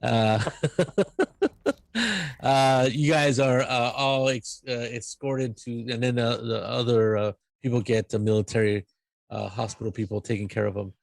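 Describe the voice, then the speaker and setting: Gravelly-voiced man running a tabletop game. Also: mid-range voice, steady tone, no echo. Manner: halting, many fillers and restarts. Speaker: game master.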